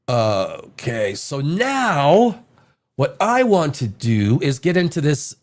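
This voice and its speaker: Rambling podcast host with a head cold. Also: male voice, on the high side, very animated, slow. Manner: rambling, joking, reads articles aloud with asides. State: has a bad cold. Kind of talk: casual livestream chat reading news aloud.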